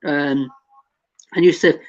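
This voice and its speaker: An easygoing host chatting about football, laughing often as he reads viewers' comments. His voice sits a little higher than most men's. The audio is dull and lo-fi, like an online call. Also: fairly even intonation, takes it slowly. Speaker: show host. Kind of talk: casual football chat.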